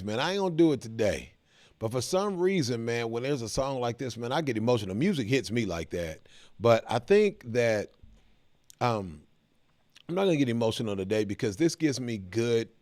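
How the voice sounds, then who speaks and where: A man's voice: mid-range voice, big pitch swings, normal speed, a little mellow, no echo. A middle-aged American man hosting a reaction video, talking to his viewers in a laid-back, chatty way. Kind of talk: casual reaction commentary.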